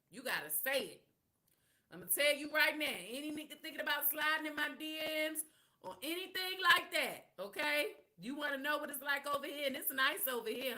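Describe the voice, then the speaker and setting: A woman's voice: sits high, animated, a little fast, pushed and bright. A woman hosting a live podcast, telling stories in a candid, sassy, slang-heavy way. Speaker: podcast host. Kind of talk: casual live podcast chat.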